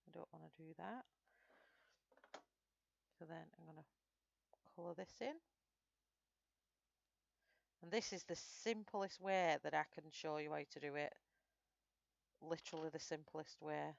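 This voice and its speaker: A woman's voice: sits low, steady tone, unhurried, vocal fry, pauses often, muffled recording. A woman with a Northern English accent, chatting through a live colouring tutorial and answering viewers' comments as she works. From Northern England. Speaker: streamer.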